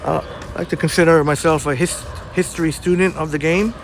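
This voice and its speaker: A man's voice: a little high, steady tone, brisk, a little hiss or hum. A man hosting a casual live walking stream outdoors on a city street, chatting and greeting viewers by name. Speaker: livestream host reading viewer chat.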